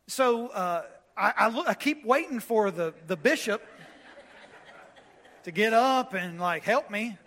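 High-voiced preacher, animated. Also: male voice, big-room sound. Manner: animated, swings between loud preaching and quiet. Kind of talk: sermon storytelling. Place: church.

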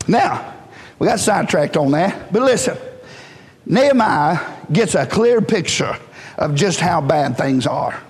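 A man's voice: sits high, in a large hall. A pastor preaching a sermon in a blunt, folksy, self-deprecating way, joking with his congregation. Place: church sanctuary.

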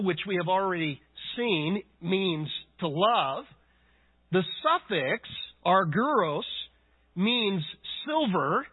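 Male preacher, husky and high, unhurried deliberate sermon delivery. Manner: slow, deliberate scripture reading and word study. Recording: phone-like narrow band.

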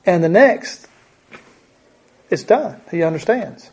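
A man's voice: high voice, lively intonation, slow, slightly rough. A man preaching a conversational Bible teaching, thinking aloud and often repeating his words.

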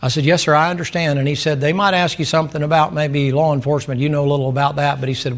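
A man's voice: a little high, level tone, fast, few pauses. A man preaching a sermon, folksy and joking, calling out to the congregation for responses. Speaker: pastor.

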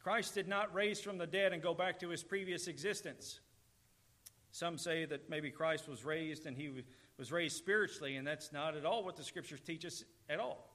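A man delivers a sermon in a bright, forceful voice pitched a little above the usual. He preaches earnestly, leaning on emphatic repetitions to drive each point home. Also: moderate pace. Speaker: pastor.

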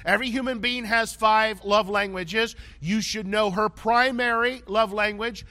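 A man's voice: high voice, fairly even intonation, a little slow, sharp tone. A male pastor preaching a conversational sermon to his congregation, often checking in with "okay?".

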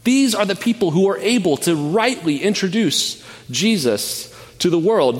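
A man preaches with earnest emphasis, his fairly high voice swinging widely in pitch. He often doubles back on his words mid-phrase. The sound carries a long reverb, as in a large church sanctuary. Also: expressive, measured pace, few pauses. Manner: earnest, emphatic preaching with frequent word repeats. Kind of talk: sermon.

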